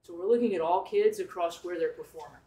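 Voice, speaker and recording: High-voiced man presenting in an echoey room. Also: fast, dark tone. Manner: explanatory, rephrasing and self-correcting, with rhetorical questions. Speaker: school administrator presenting a plan. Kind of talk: formal presentation at a public meeting. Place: meeting room. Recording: echoey room, distant mic.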